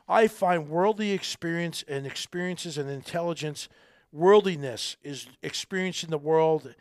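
A middle-aged army veteran speaking as a podcast guest, earnest, rambling and folksy, with a gravelly voice. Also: male voice, a little high, no room sound, studio quality. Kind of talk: casual interview talk.

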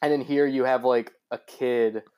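A man's voice: mid-range voice, steady tone, normal speed, a little mellow, smooth. Young guy rambling on a podcast, lots of ums and restarts, laughs a lot. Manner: rambling, many fillers and restarts, laughs often. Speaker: podcast co-host. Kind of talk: casual chat.

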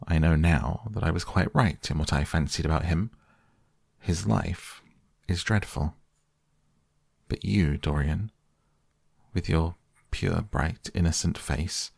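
Grave, earnest painter voiced by a man reading aloud: very deep and gravelly, softly read for a bedtime audiobook. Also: dry recording, studio quality, heavily acted. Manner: earnest, pleading.

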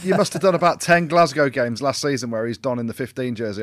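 A man's voice: medium pitch, fast talker, few pauses, dry recording, studio quality. A man co-hosting a sports podcast, teasing his partner in casual banter. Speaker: podcast co-host.

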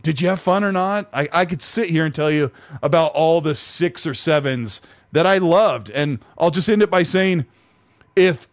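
Man hosting a podcast on a headset, animated and chatty, dry sound. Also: a little high, dry recording. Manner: animated, reads chat comments aloud. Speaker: podcast host. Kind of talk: casual podcast chat.

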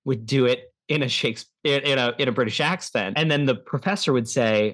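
A man's voice: mid-range voice, a little fast, fairly bright tone. A young man from the United States co-hosting a film podcast, chatting casually and rambling with many restarts. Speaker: podcast co-host.

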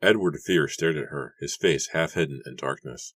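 A man reading an audiobook as narrator in a steady, measured way. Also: extremely low pitch, dry recording. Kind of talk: scripted narration.

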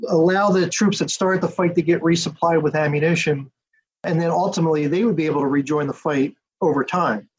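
A man, an author and historian, giving a detailed, steady account as a podcast interview guest. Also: on the high side, brisk, slightly rough. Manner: detailed, steady storytelling with asides. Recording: dull lo-fi audio.

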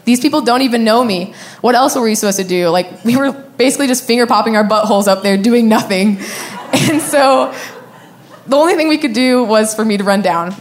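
A young adult woman casually telling a personal story, candid and profane, often laughing as she talks. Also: mid-range voice.

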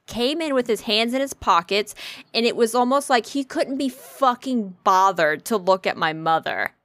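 A woman with a high, bright voice chats casually through a personal story. She talks bluntly, with plenty of swearing and animated asides. Her voice sounds dry and close to the mic. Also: normal speed, no echo.

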